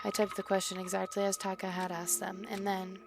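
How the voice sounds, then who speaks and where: A woman streamer reads a video game's narration aloud. Her reading is quiet and even, in a mid-pitched voice. Soft game music plays behind her. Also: a little fast, vocal fry.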